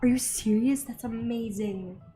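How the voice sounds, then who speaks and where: A woman's voice: a little high, measured pace, faint music behind. Bubbly young woman chatting while drawing. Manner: bubbly, easily excited, rambling. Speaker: art channel host. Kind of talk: casual chat while drawing.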